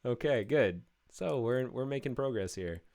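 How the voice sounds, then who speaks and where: Man, live coding stream, casual thinking aloud, fillers and restarts, clear resonant voice. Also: lowish voice, animated, measured pace.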